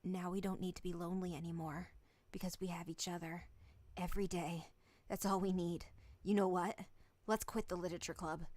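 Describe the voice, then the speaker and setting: A woman's voice: no echo, lightly acted. Woman doing a creepy, devoted shy schoolgirl. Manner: soft, low, breathy and creepily devoted. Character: obsessive, shy teenage girl, unsettlingly intense. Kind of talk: reading game dialogue aloud. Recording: faint background music.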